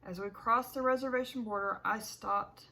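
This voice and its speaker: Gravelly woman narrating an audiobook. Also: on the high side, moderate pace. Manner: expressive, emotional storytelling. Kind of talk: first-person audiobook narration.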